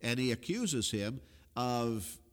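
A man's voice: mid-range voice, lively intonation, slow pace, big-room sound. A man co-hosting a conversational Bible discussion, explaining verses in plain everyday paraphrase. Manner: explains in plain paraphrase, acts out quoted lines. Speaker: Bible study co-host.

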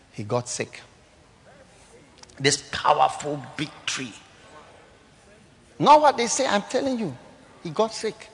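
A pastor, preaching a sermon and telling stories, swinging between loud declarations and hushed asides. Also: male voice, mid-range voice, slight background noise.

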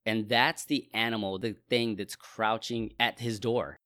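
A man's voice: lowish voice, fairly even intonation, measured pace, sharp tone, dry recording, clean studio sound. A man musing through a casual Bible discussion, thoughtful and prone to restarting his sentences. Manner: reflective, frequent restarts.

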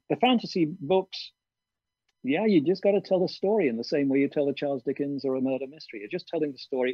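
A husky, mid-range male voice belongs to an audiobook narrator doing an interview over video call from a garden studio shed. He sounds thoughtful and hesitant, with many ums and restarts. The audio is dull and lo-fi, with no room sound.

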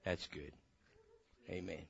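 A man preaching a folksy sermon, swinging between loud bursts and hushed asides. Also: deep voice, fairly even intonation, slow pace, gravelly, lo-fi sound.

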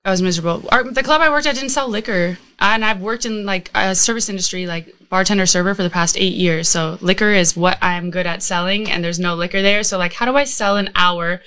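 A woman's voice: mid-range voice, brisk, hardly any pauses, sharp tone, clear, resonant tone. A woman in casual podcast chat, telling crude, joking stories about her work as a dancer.

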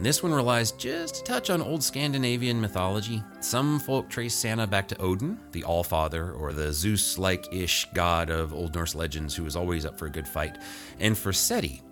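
A man hosting a story podcast, introducing each story in a chatty, informal way. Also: deep voice. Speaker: podcast host.

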